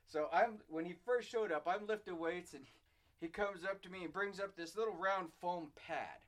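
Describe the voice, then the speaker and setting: Brief: man in his fifties, high and bright voice, animated storyteller in a casual chat. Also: moderate pace. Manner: animated storyteller who laughs through his anecdotes.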